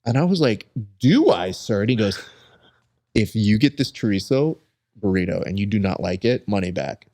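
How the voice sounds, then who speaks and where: A young adult man hosting a podcast, chatting casually and telling lively stories, acting out the people he quotes. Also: lowish voice, moderate pace, vocal fry. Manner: animated storyteller who acts out quoted people. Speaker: podcast host. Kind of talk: casual chat.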